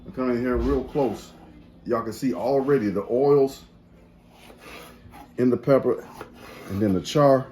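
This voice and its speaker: A man's voice: medium pitch, a little slow, long pauses, mellow. A man hosting a casual cooking demonstration in a kitchen, folksy and chatty, talking straight to his viewers. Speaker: cooking show host.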